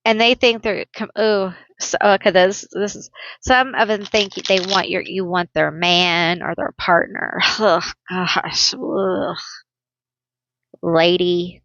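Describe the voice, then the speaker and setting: A woman's voice: fairly low pitch, fairly even intonation, slow pace, muffled recording, noisy background. A woman giving a pick-a-card tarot reading, blunt and sassy, laughing often. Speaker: tarot reader.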